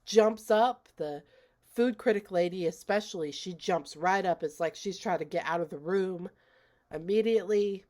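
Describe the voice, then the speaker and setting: A woman with a fairly low, slightly mellow voice walks through a movie scene by scene at a moderate pace. As a reviewer giving a casual spoken recap, she's chatty, says "like" constantly, and quotes the characters' lines.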